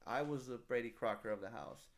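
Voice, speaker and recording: A man, telling stories in a relaxed podcast chat and often saying "dude". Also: mid-range voice, fairly quick. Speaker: podcast co-host. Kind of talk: casual chat.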